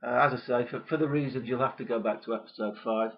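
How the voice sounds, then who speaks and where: A man hosting a comedy show, delivering a deadpan, gloomy rant full of hesitant pauses. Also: medium pitch, highs cut off. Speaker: comedy podcast host.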